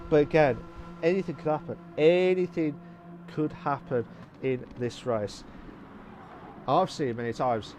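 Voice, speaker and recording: A man commenting live on a sim race, excitable and repeating phrases, breaking into shouts. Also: fairly high pitch, unhurried, long pauses, slight background noise.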